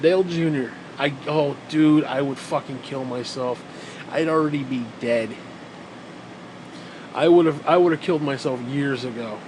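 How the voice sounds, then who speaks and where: A man's voice: mid-range voice, normal speed, noisy background. A man in his forties ranting in a rambling, sarcastic, profane monologue as a vlogger.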